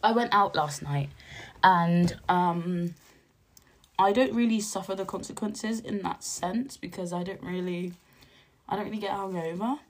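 A young woman with a hoarse, husky voice, chatting casually as she recounts a night out in an animated, slangy way. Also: a little slow. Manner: animated, slangy, jumps to high exclaims when quoting. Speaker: podcast host.

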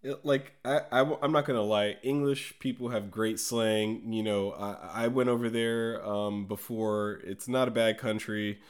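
A man's voice: fairly low pitch, steady tone, a little slow, few pauses, clean tone. A young man from the American South co-hosting a podcast, bantering with sarcastic jokes. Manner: joking, sarcastic. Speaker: podcast co-host. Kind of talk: casual banter.

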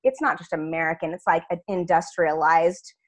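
A woman's voice: lowish voice, fairly even intonation, normal speed. A woman talking as a guest in an earnest, reflective conversation.

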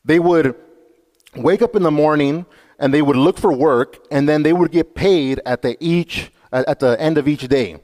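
A man's voice: a little high, normal speed, darkish tone. A male pastor giving a sermon, speaking earnestly and directly to his congregation. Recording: long reverb from a hall.

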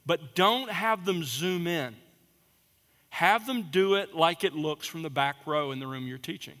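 Man, preaching teacher, emphatic lecture, repeats key points, fairly high voice, echoing hall. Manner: emphatic, repeats key points, drops to a quiet conversational voice to demonstrate. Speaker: preaching instructor. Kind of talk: teaching lecture on sermon delivery. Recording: long reverb in a large hall.

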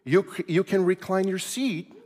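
A man's voice: sits high, moderate pace. A man doing a put-on British accent as a polite, concerned female flight attendant. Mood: courteous. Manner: courteous, soft-spoken, formal. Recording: long reverb of a large hall.

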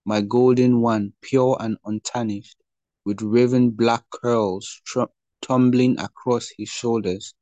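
A man reading the part of a longing young woman lover in a slow, earnest scripture reading. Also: medium pitch, steady tone, warm tone, no echo, dull audio, close to an everyday voice.

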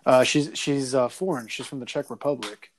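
Laughing, animated male podcast host. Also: mid-range voice, moderate pace. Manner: animated storytelling, laughing often, crude. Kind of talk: casual chat.

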